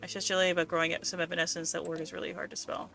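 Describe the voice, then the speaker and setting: A woman's voice: on the low side, flat delivery, rapid-fire, creaky, bright, forceful tone, soft background music. A woman streaming a game, ranting casually and swearing a lot in exasperation. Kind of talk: casual let's-play commentary.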